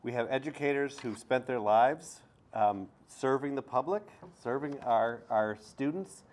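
A man's voice: mid-range voice, a little slow, a little mellow. A man moderating a briefing, introducing speakers in an earnest way with some restarts.

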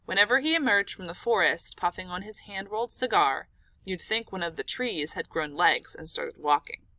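Bright, expressive woman audiobook narrator. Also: medium pitch, no echo. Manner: expressive, dramatic storytelling.

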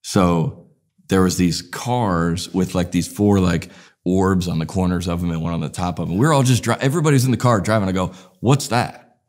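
A comedian as interview guest, talking in a rambling, animated way and acting out voices in his stories. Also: sits low, fairly quick. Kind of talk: casual interview storytelling.

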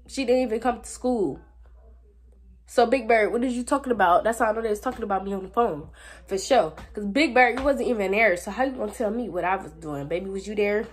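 A teenage girl, telling a school story to her viewers in a sassy, animated way. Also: medium pitch, a little fast. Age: teens. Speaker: vlogger. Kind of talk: casual storytime vlog.

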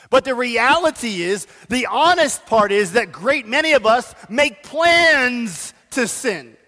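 A man's voice: extremely high pitch, expressive, slow, hardly any pauses, pushed and bright. A man preaching a sermon as pastor, telling stories with self-deprecating asides and urging the congregation. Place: church sanctuary. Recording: long church hall reverb.

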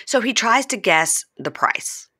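A woman hosting a podcast, recapping a TV episode in lively, animated casual chat. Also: mid-range voice, a little slow, husky. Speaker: podcast host.

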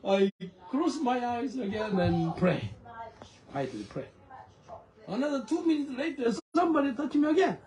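Animated male preacher, echoey church hall. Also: extremely high pitch, moderate pace. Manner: animated storytelling, non-native phrasing, frequent laughter. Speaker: pastor. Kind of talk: sermon with testimony. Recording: echoey room with congregation. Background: congregation responding.

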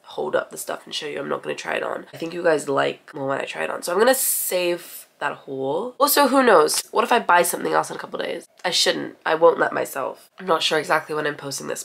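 A woman's voice: on the low side, vocal fry, fairly bright tone. A woman in her twenties from England, chatting casually to camera at home with a stuffy nose from a coming cold. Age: 20s. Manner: chatty, gushing, self-mocking. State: stuffy nose, getting sick. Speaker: vlogger. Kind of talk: casual vlog chat to camera. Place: home, indoors.

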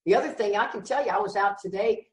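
A woman's voice: mid-range voice, fast talker, recorded from a distance. Blunt, joking woman in an echoey room. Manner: emphatic, blunt and wryly joking. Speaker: recovery meeting speaker. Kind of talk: candid recovery talk.

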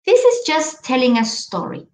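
A woman's voice: high-pitched, huge pitch swings, moderate pace, darkish tone, reverberant. A woman teacher trainer giving a webinar presentation, explaining step by step and checking in with "okay?" and "right?".

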